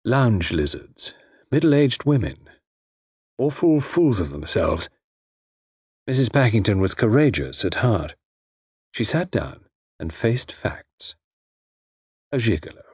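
A man with a low, husky voice reads a story aloud, letting his pitch rise and fall with wry expression. The recording is close and dry, with no room sound. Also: big pitch swings, takes it slowly, pauses often, a little mellow, dry recording. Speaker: narrator. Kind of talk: audiobook reading.

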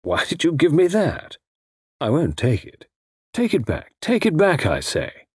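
A man's voice: medium pitch, very animated, moderate pace, a little mellow, slightly rough, no echo, clean studio sound. A man playing an intense young man, once a gigolo, who pleads earnestly and with passion. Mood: angry.

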